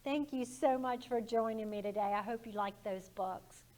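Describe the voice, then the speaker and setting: A woman's voice: fairly high pitch, normal speed, darkish tone. A woman who works as a children's librarian, leading storytime and talking to small children in a sing-song, encouraging way.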